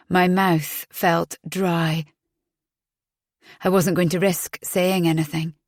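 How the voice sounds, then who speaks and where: A woman's voice: on the low side, darkish tone, dry recording, studio quality. A young woman narrating an audiobook thriller in the first person, with a tense, inward telling. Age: young adult.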